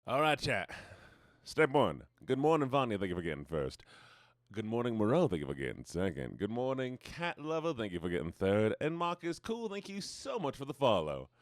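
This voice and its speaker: A man's voice: medium pitch, huge pitch swings, moderate pace, no room sound, studio quality. A man streamer chatting casually with viewers in a put-on American Southern accent, singing out repeated greetings and joking sleepily. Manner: joking and drowsy. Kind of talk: casual livestream chat.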